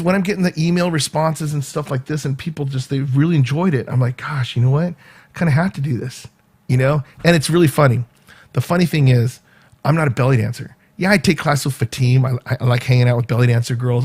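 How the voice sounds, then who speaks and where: A man's voice: mid-range voice, a little mellow, husky. A man with a Southern California accent, hosting his own show and chatting casually to viewers, rambling and repeating words as he goes. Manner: rambling, repeats words, talks to live commenters by name. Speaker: show host and event organizer.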